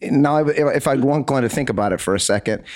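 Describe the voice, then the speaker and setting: A man's voice: mid-range voice, quick pace, a little mellow. A man co-hosting a comedy podcast game, easygoing and wry as he makes his guesses. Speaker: podcast co-host and game contestant. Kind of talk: casual comedic chat.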